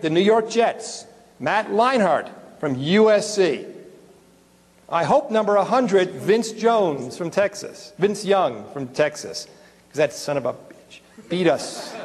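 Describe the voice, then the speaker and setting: A middle-aged man with a high voice gives a lively, joking lecture to a roomful of dentists. His voice rings out with a long reverb from the large hall. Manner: animated, joking, swears and digresses. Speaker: dental emergency lecturer. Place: lecture room with an audience.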